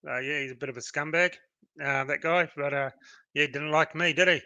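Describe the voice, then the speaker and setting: An Australian man co-hosts a relaxed live-stream chat, blunt and jokey and quick to curse. His voice sits a little above the usual male range and has a very bright, sharp, forceful edge. The sound is dry and close, with no room around it. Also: fairly high pitch, clean tone, no echo, highs cut off. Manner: blunt, joking, swears, laughs easily. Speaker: co-host.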